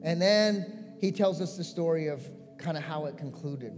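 A man's voice: on the high side, normal speed, big-room sound, music in the background. A male pastor giving a sermon, telling a story earnestly and building to a pleading call to his congregation.

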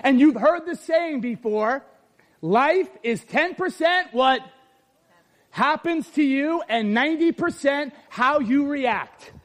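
A middle-aged pastor delivers an animated sermon, his unusually high-pitched voice rising into shouts to drive his points home. He talks to the congregation directly, asking questions and calling for responses. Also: slow. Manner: animated, often shouting for emphasis.

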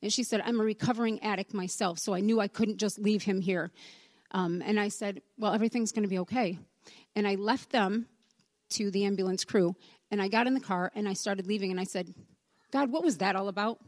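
A woman from the congregation tells a personal testimony as a relaxed story and acts out the dialogue as she goes. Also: medium pitch, brisk, no echo. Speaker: church member giving a testimony.

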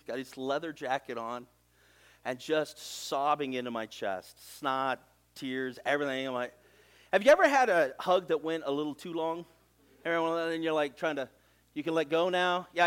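A middle-aged man preaching as a pastor, telling a personal story in a conversational, animated way with asides to the congregation. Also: high-pitched. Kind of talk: sermon with storytelling.

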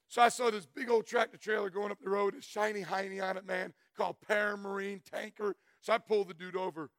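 Middle-aged man, high gravelly voice, loud testimony preacher, dry sound. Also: brisk, no room sound. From Florida. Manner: loud, emphatic storyteller, shouts for emphasis. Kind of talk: sermon testimony.

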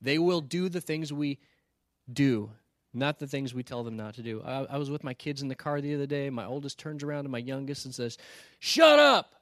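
A man's voice: medium pitch, brisk, a little mellow, dry recording, studio quality. A male pastor giving a sermon in a conversational, storytelling way, often checking in with "right?" and earnestly challenging his listeners.

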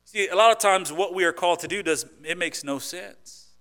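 Pastor guy preaching, bright ringing voice, asks the room questions, loud then quiet. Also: sits high, normal speed, soft background music. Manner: conversational preaching with rhetorical questions. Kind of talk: sermon.

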